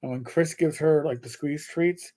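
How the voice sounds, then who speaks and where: A co-host of a gaming health live stream chats casually, telling rambling stories, swearing offhandedly, and imitating his cat. His male voice is mellow, a little high, and at normal speed.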